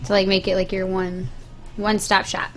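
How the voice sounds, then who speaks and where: A woman's voice: mid-range voice, monotone, moderate pace, soft background music. Giggly, teasing woman radio host. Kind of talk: casual radio interview. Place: radio studio.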